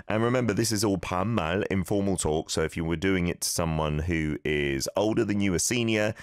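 A man with a deep, low voice hosts a casual radio language lesson from a studio. His pitch swings widely as he corrects pronunciation, repeating each example. The recording is dry and close. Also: dry recording. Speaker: radio host teaching Korean.

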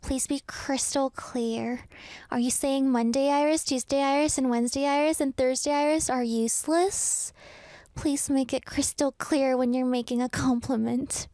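A woman's voice: high voice, steady tone, normal speed, warm tone, no echo. A woman hosting a radio show in a studio, chatting playfully and teasing listeners while out of breath. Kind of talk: casual radio chat. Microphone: studio mic.

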